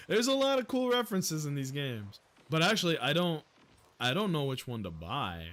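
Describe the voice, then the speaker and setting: A young man from the United States giving casual, profane, jokey commentary while streaming a game, breaking into loud excited outbursts. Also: on the high side, normal speed. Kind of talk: casual gameplay livestream commentary.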